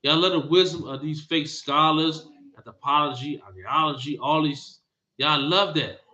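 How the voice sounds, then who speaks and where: Male preacher, emphatic, scolding, high-ish forceful voice, dull lo-fi recording. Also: moderate pace. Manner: emphatic, repeats phrases, scolding. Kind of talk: bible teaching sermon.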